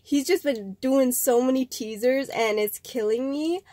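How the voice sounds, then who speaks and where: Her voice sits high and warm, and she takes her time. This young woman is hosting a casual vlog, chatting to camera and rambling with fillers and false starts, her voice slightly nasal as she gets over a cold. No echo is present.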